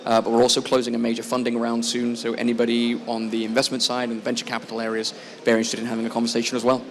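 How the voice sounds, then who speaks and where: A man answering on stage at a quick clip. His voice stays flat and gravelly, and he leans on fillers as he goes. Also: medium pitch. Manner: fast, flat delivery with fillers. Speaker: company founder being interviewed. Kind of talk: panel interview answer.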